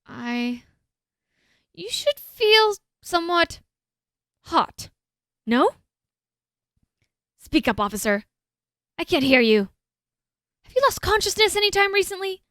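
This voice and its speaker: A cold, arrogant male scientist, read by a woman fires off curt, condescending questions. He speaks slowly in a high voice. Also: very animated, fairly bright tone, no room sound, studio quality, exaggerated voice. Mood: cold, probing.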